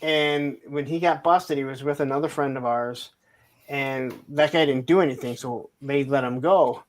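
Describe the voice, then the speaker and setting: A man's voice: mid-range voice, normal speed, a little hiss or hum. A man co-hosting a casual live stream, telling long rambling anecdotes, acting out other people's lines and laughing often. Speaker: co-host of a toy live stream. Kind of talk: casual storytelling chat. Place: home setup on a live stream. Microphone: streaming mic.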